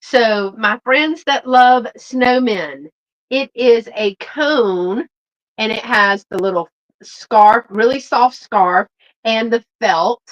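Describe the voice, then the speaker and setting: Slow-talking chatty woman. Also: a little high, highs cut off. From Texas. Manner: folksy, chatty, greets viewers by name. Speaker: live sale host. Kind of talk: chatty live sale selling.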